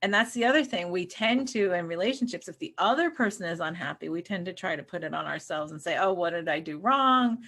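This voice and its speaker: A middle-aged woman in casual spiritual conversation, telling personal stories with lively acted-out quotes and frequent laughs. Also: lowish voice, fast talker, few pauses. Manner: animated storyteller who acts out quotes and laughs. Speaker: co-host.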